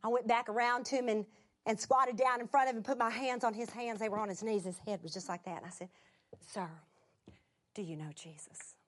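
A woman preaching through a personal story, animated, swinging from exclamations to hushed whispers. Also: on the high side, quick pace. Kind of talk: sermon storytelling.

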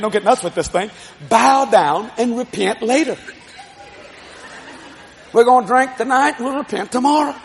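High-voiced shouting preacher. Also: male voice. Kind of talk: televised sermon. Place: church service before a congregation. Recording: live congregation with loud laughter and noise.

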